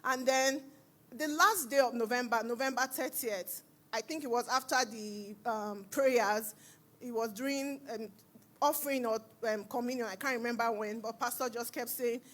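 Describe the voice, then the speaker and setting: A woman from Edo, Nigeria, with a Nigerian accent, giving a church testimony in an animated, storytelling way and acting out the conversations she recalls. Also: on the high side, normal speed. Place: church service.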